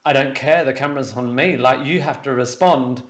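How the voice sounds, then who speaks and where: A man's voice: medium pitch, moderate pace, roomy sound. A man chatting casually on a video call about acting and writing, rambling and correcting himself as he acts out quotes. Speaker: guest actor and writer.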